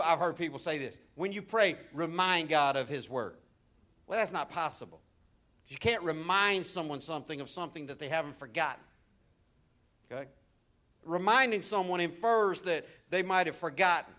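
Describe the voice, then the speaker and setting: A man preaching a sermon, swinging between loud, emphatic exhortation and soft, intimate asides, with repeated phrases. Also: a little high, lively intonation, moderate pace.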